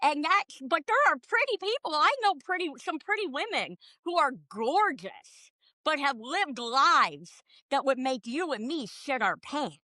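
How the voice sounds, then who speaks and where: A woman comedian in casual podcast chat, profane and animated, ranting with big swings in loudness. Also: high-pitched, a little slow, dry recording. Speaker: comedian guest.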